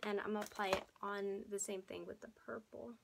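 A young woman with a hoarse voice, chatting casually as a beauty vlogger through a makeup tutorial and often dropping into soft half-whispered asides. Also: mid-range voice, steady tone, a little fast, slight background noise, rough recording. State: hoarse, losing her voice.

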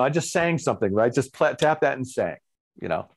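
Animated man telling a story. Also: medium pitch, brisk, gravelly, husky. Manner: animated, acts out other people's lines with laughs. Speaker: guest musician, bassist. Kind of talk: casual storytelling interview.

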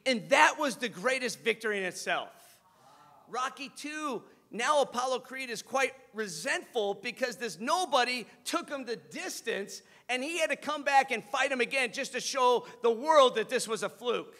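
A male preacher telling a movie story in an animated sermon, acting out the scenes. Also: very high-pitched, measured pace. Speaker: pastor.

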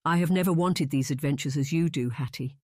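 A woman's voice: sits low, brisk, a little mellow, dry recording, studio quality. A woman narrator voicing a tearful, emotional young woman who wails and pleads, in an audiobook reading. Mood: pleading. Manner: wailing, pleading.

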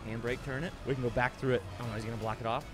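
A young man giving casual gameplay commentary as a streamer. He talks to himself, gets excited fast and yells out in bursts. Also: mid-range voice. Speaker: gaming streamer. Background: background music.

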